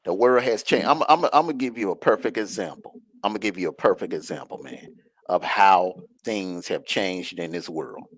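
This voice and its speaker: A man's voice: sits low, normal speed, a bit bright, no room sound, poor audio. A man in his forties with a Georgia Southern accent, chatting on a live stream panel and hammering his points by repeating them. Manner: emphatic, repeats key lines. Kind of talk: casual chat on a live stream. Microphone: video call.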